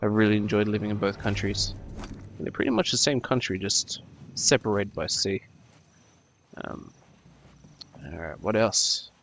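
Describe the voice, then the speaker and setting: A 22-year-old gaming YouTuber from New Zealand, with an Australian accent, rambles hesitantly about himself over gameplay, full of ums and restarts. His lowish, fairly bright voice is animated, at normal speed with frequent pauses and slight background noise.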